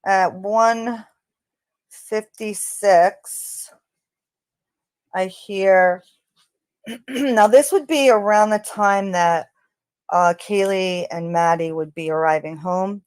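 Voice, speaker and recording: A woman hosting a true crime channel, talking casually in an unhurried, hesitant way with frequent ums. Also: mid-range voice, darkish tone, smooth, no room sound. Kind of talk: casual spoken commentary.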